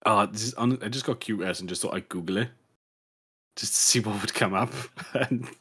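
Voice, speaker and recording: A man's voice: lowish voice, moderate pace, fairly bright tone, husky. A man co-hosting a podcast in casual chat, rambling and swearing, with many restarts. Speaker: podcast co-host.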